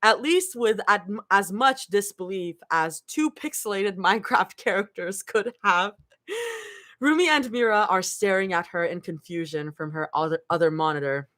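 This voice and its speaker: A woman's voice: mid-range voice, animated, normal speed, fairly bright tone. A woman reading fan fiction aloud live, breaking off to laugh and react.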